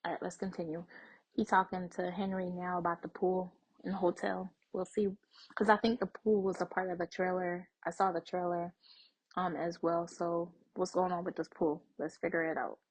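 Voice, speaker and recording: A woman's voice: on the low side, little pitch movement, normal speed, breathy edge, poor audio. A young adult woman hosting a TV reaction video, chatting casually to her viewers and thinking aloud with plenty of fillers.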